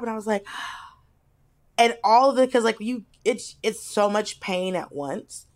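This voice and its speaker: A woman co-hosting a casual comedic podcast, telling personal stories in an animated, candid way with casual swearing. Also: on the high side. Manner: animated, candid storytelling with swearing and quick bursts. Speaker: podcast co-host.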